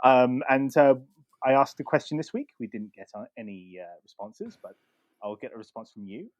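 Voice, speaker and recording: A man's voice: mid-range voice, normal speed, no echo, highs cut off. A man in his thirties co-hosting a podcast, chatting casually and rambling with plenty of ums and restarts. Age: 30s. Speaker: podcast co-host. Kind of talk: casual chat.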